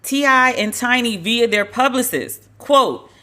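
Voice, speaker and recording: A woman's voice: a little high, expressive, unhurried, sharp tone. A woman hosting a podcast, giving blunt, wry gossip commentary with laughing asides and casual swearing. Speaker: podcast host.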